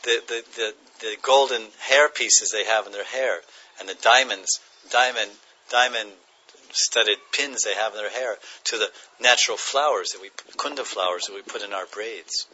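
A man's voice: on the low side, normal speed, sharp tone, husky, muffled recording. A man giving a devotional class, chanting verses, translating them and chuckling as he tells stories. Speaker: spiritual teacher.

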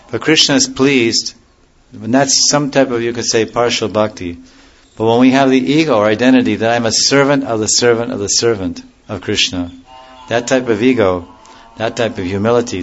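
A man giving a devotional lecture in a measured, explanatory way, often repeating and restarting phrases. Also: lowish voice, muffled recording. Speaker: religious teacher.

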